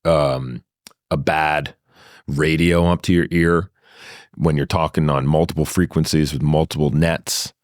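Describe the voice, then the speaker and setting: A man telling his own story in a studio interview, animated and acting out the dialogue, laughing often. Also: very deep voice, unhurried, dry recording. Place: sound studio. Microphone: studio microphone.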